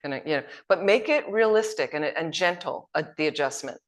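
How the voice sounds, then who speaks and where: A woman's voice: sits low, animated, a little fast. A woman teaching at a Buddhist retreat, telling anecdotes in a conversational way. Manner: anecdotal, conversational, acts out quotes. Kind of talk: retreat dharma talk.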